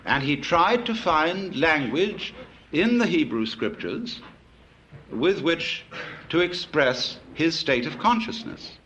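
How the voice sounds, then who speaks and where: Man giving a wry, lively lecture. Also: a little high, takes it slowly, lo-fi sound, a little hiss or hum. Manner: anecdotal storytelling, wry. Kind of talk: public philosophy lecture. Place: lecture hall with live audience.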